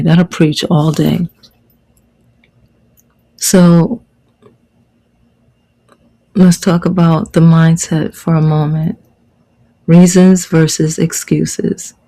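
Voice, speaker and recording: Her deep, dark voice comes through a rough recording. She's a middle-aged woman life coach leading a motivational online class, driving points home by repeating her key phrases in a preaching style.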